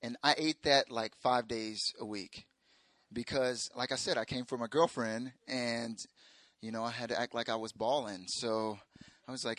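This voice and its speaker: A young man preaches in a loose, joking storytelling way, jumping into squeaky voices whenever he quotes someone. His tone is bright and forceful. The recording is close and dry, with no room sound. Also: normal speed, dry recording. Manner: animated, jokey, acts out quotes in high voices. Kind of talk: sermon storytelling.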